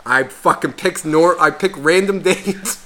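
A man's voice: on the high side, measured pace, sharp tone, slight background noise. A man co-hosting a podcast, telling a rambling story in casual chat full of swearing. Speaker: podcast co-host.

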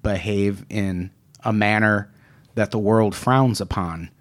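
A man's voice: on the low side, fairly even intonation, slow pace. A man co-hosting a podcast in casual chat, opinionated and sarcastic. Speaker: podcast co-host.

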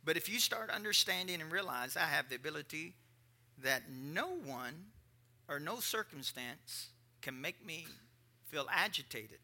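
A man's voice: a little high, animated, unhurried, pushed and bright. A middle-aged man preaching a sermon as pastor, emphatic, with joking asides to the congregation.

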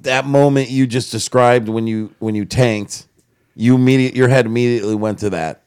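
A man's voice: mid-range voice, steady tone, moderate pace, a little mellow, clear, resonant tone. A man hosting a podcast, asking a guest short, probing questions. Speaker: podcast host. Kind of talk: interviewing guest.

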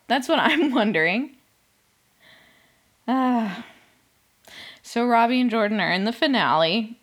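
A woman's voice: medium pitch, a little slow, fairly bright tone. A young woman hosting a podcast, talking casually and sarcastically about a reality show, swearing often and filling with "like". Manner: sarcastic, swears a lot, fills with "like". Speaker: podcast host. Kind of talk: casual reality-TV recap monologue.

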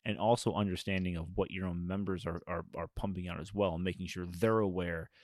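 Deep voiced host guy asking a rambling question, dry sound. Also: fairly even intonation, a little mellow, no room sound. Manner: halting, repeats words while asking. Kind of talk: casual interview questions.

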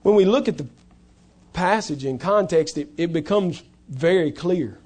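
A male pastor preaching a sermon, stressing key words loudly and then dropping to hushed, low lines. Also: expressive, unhurried.

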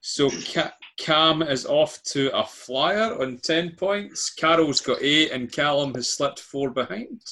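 A man's voice: a little high, slow, few pauses, bright, forceful tone. A Scottish man hosting a casual quiz, chatty and self-deprecating, laughing often as he reads out questions. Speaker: quiz host.

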